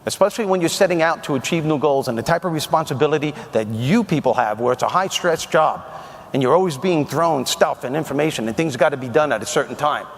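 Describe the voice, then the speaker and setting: On stage in a large hall, a man gives a comedic motivational keynote with punchy, emphatic delivery. His voice is a little high and he speaks fast, and the recording carries the reverb of the hall.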